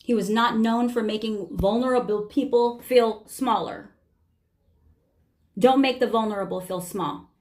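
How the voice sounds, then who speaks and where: A woman's voice: a little high, unhurried, darkish tone. A woman vlogger giving impassioned spoken commentary, emphatic and driving points home with sermon-like repetition.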